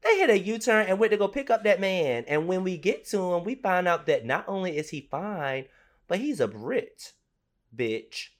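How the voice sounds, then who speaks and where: A man chatting casually as a podcast co-host, recapping reality TV with plenty of sass and drama. His pitch swings widely through each sentence, and he drops "honey" into almost every thought. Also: sing-song, normal speed.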